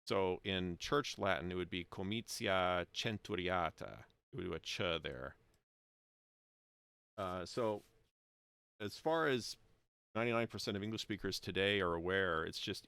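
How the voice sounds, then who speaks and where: Deep, gravelly, rambling American man. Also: expressive, normal speed, long pauses, a bit bright, no room sound. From United States. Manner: rambling, self-correcting, chuckles often. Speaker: livestream host reading and discussing historical texts. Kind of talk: casual livestream commentary.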